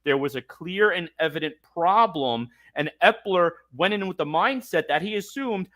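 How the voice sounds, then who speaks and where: Fired up and exasperated, a podcast host rants about his team on a sports talk show, mocking quotes as he goes. His high voice is expressive, pushed and bright, at a moderate pace.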